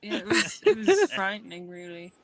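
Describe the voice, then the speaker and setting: A woman's voice: fairly low pitch, moderate pace, a crowd in the background. A woman in in-character roleplay chat, wry and sarcastic.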